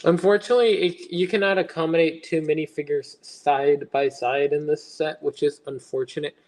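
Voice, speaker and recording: Building on a casual stream, a young man reads his chat aloud and answers viewers in a chatty, rambling way. His voice is on the high side and a little mellow, with fairly even intonation and a normal speed.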